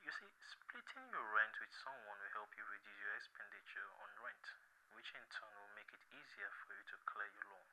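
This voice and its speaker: A man's voice: fairly low pitch, a little fast, sharp tone, slight background noise, poor audio. A man acting a formal, matter-of-fact loan recovery agent in a comedy skit.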